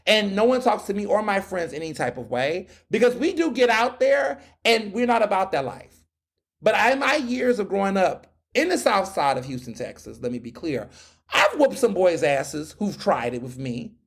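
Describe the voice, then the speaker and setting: A man in his thirties hosts a solo podcast, talking sassy and animated and firing back mocking comebacks. His voice sits high, and a gravelly fry catches the ends of his phrases. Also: moderate pace. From United States. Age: 30s. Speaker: podcast host.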